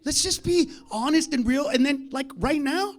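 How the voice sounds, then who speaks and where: A man doing a live stand-up routine on a comedy club stage, ranting loudly and swearing constantly into a handheld mic. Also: very high-pitched, normal speed. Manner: loud, profane, ranting delivery.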